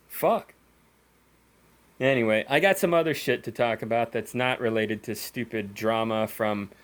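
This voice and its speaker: A young man rants in a casual vlog, swearing freely and slipping into sarcasm. His voice sits at an ordinary middle pitch, loose and conversational, with many fillers and restarts. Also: smooth. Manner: profane, sarcastic ranting with frequent fillers and laughs. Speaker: gaming YouTuber.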